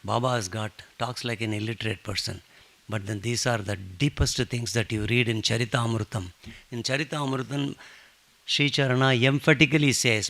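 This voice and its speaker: A man leading a satsang, telling a devotional story with lively joking asides. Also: medium pitch, moderate pace, creaky. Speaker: satsang speaker.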